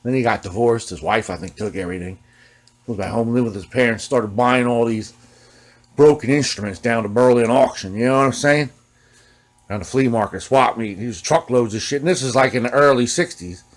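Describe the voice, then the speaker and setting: A man hosting his own guitar repair video, chatting loosely as he works on an instrument. He talks streetwise and swears freely, and he keeps leaning on "you know what I mean." His voice sits at an ordinary middle pitch. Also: fairly quick. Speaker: host of a guitar repair channel. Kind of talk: casual storytelling while working on an instrument.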